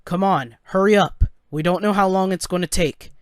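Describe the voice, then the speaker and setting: A man's voice: on the high side, moderate pace, clean tone, dry recording, studio quality, lightly acted. A man voicing a worried, protective father urging his son to hurry. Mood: urgent. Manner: urgent, pleading. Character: anxious protective father, middle-aged man.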